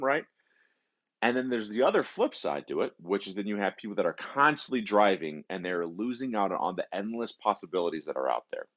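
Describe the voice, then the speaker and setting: A man with a deep voice retells a story during a casual podcast chat, animated and a little halting as he doubles up his words. The recording is dull and lo-fi. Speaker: podcast co-host. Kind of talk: casual conversation.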